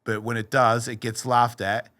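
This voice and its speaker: A man's voice: medium pitch, moderate pace, no echo. A middle-aged man, a podcast guest, telling a personal story candidly, swearing freely and acting out the voices in it. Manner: profane, animated storyteller who acts out voices.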